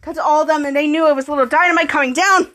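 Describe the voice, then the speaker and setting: A woman's voice: high-pitched, steady tone, very fast, fairly bright tone. A woman hosting a podcast, recapping a TV episode scene by scene. She keeps saying "cut to" and reads the characters' lines aloud. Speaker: podcast host.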